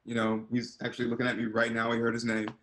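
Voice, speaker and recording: A man in his forties, an actor, chatting as an interview guest over a video call and telling stories animatedly, with loud excited quotes. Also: medium pitch, quick pace, slight background noise, rough recording. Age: 40s.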